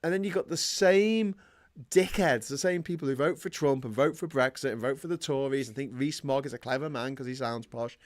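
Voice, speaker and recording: A man's voice: mid-range voice, a little fast, no room sound, studio quality. A man hosting a casual talk show, blunt and sweary, reading out viewer comments and ranting. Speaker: podcast host. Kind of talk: casual chat.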